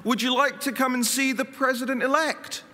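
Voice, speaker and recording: Casting: man mimicking a gushing excited woman, voice pushed high, echoing hall. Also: normal speed. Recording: reverberant hall.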